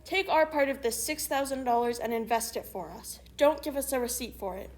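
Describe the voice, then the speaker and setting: Woman reading a young woman answering firm and quiet, high voice. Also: fairly quick, lightly acted. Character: proud trusting young woman.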